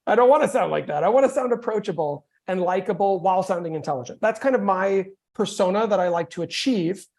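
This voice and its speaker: A man coaching real estate agents on a video call, energetic and joking in a casual, conversational way. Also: sits high, brisk.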